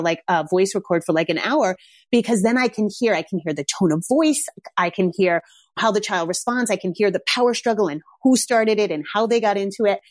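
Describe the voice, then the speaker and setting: Middle-aged mom coach just chatting, lots of "like", mid pitch, dead dry sound. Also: female voice, a little mellow, no room sound. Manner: chatty storytelling, frequent "like". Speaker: parenting coach. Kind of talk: casual monologue.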